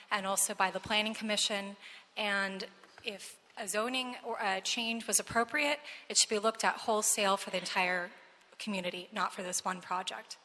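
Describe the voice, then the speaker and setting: A woman's voice: medium pitch, sharp tone. A woman speaking as an adjacent property owner, firmly and directly opposing a delay at a public hearing. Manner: firm, direct. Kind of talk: public comment. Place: council chamber. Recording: echoey hall.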